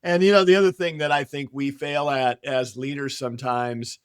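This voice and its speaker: A man's voice: mid-range voice, steady tone, normal speed, clean tone, dry recording. Chatty male podcast host, dry sound. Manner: jokey, talks in long run-on sentences. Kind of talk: casual business chat.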